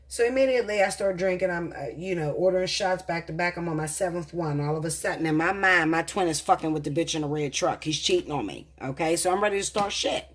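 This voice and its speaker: A woman's voice: lowish voice, fast talker, hardly any pauses. A woman in her thirties, a tarot reader, telling a personal story in a heated, profane, confessional way. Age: 30s. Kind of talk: casual storytelling to camera.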